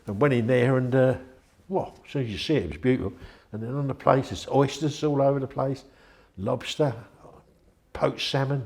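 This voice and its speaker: Older man, gravelly storyteller. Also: mid-range voice, a little mellow. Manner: rambling, chatty, acts out quoted voices. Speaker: interviewee. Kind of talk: anecdotal storytelling.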